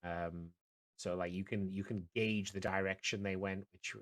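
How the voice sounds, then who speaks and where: A young man narrating as dungeon master of a tabletop game, halting and full of fillers. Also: sits low, steady tone. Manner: hesitant, many fillers and restarts.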